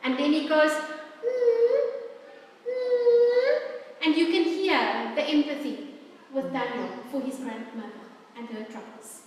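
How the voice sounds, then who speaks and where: A woman presents a workshop to an audience, talking in a warm, chatty, playfully animated way. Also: high voice, normal speed. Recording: echoey hall from far off.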